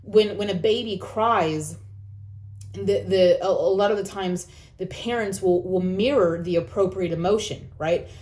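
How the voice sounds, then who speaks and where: A woman's voice: medium pitch, unhurried, a little mellow. A woman talking earnestly to camera, giving encouraging advice and repeating phrases for emphasis. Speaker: vlogger. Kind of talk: reflective personal talk.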